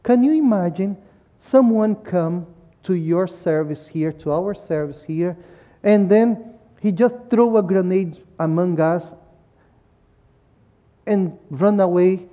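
Guy speaking at a church service, warm tone, tosses in "yeah?" all the time. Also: high-pitched, slow, lo-fi sound. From Brazil. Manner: adds "yeah?" after most sentences. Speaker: missionary speaker. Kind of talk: church talk with slides.

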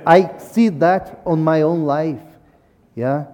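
A man's voice: fairly high pitch, slow, dark tone. A man from Brazil, giving a talk with slides at a church service and ending most sentences with "yeah?". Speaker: missionary speaker.

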